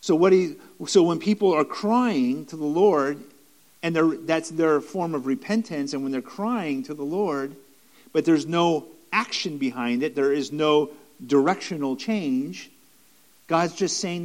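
A man's voice: on the high side, animated, moderate pace, darkish tone. A man preaching a sermon in an earnest, repetitive way, with restarts and rising emphatic stretches.

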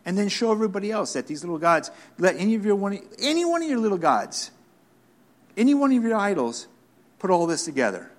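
Guy preaching a sermon, high voice that swoops all over, acts out god talking. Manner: animated preaching, acts out God's words with dramatic pauses. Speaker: pastor.

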